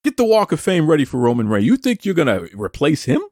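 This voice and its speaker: A man's voice: a little high, huge pitch swings, fast talker, a little mellow, no room sound, clean studio sound. A man hosting a wrestling commentary show, ranting in a taunting, combative way and firing off rhetorical questions. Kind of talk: opinionated wrestling commentary rant.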